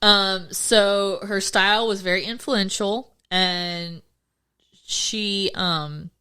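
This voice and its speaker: A woman's voice: medium pitch, fairly even intonation, slow pace, sharp tone, clean tone. A woman co-hosting a podcast in casual chat, laughing often and correcting herself with fillers. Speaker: podcast co-host.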